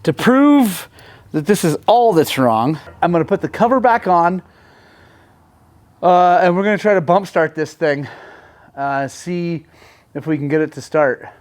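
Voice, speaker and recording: A man talking casually to the camera in his garage workshop, excitable and quick to swing between frustration and joy while working on a bike. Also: fairly high pitch. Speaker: motorcycle vlogger.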